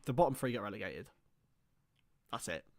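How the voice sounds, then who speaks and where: A man's voice: fairly low pitch, lively intonation, moderate pace, a little mellow, a little hiss or hum. A young man hosting a live football watchalong, chatting casually and teasing his co-host. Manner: banterful, teasing, explains league rules.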